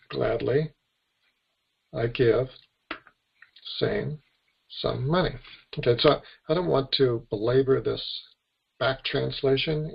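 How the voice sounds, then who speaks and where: A man's voice: mid-range voice, creaky, slightly rough, muffled recording. A man with an American accent teaching an online webinar class, patiently spelling out letters and their sounds. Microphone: computer microphone on a webinar.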